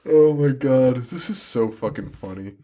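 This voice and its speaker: A man co-hosting a podcast in casual chat, animated, laughing often and swearing freely while acting out mocking impressions. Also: mid-range voice, unhurried. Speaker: podcast co-host.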